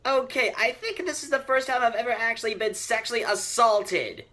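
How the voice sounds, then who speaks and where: A man's voice: extremely high pitch, fairly quick, bright, forceful tone. A teenage boy ranting in a comedic show review, exasperated, on a webcam mic. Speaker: online critic.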